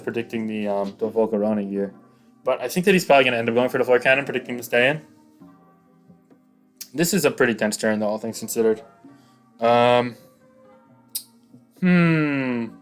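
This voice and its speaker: Rambling and filler-heavy, this mid-range male voice calls an online battle in a laid-back play-by-play, sounding chatty and easily excited.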